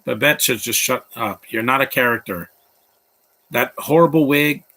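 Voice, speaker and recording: A man's voice: medium pitch, normal speed, bright, forceful tone. A man hosting a live movie commentary stream, blunt and opinionated, rambling with restarts.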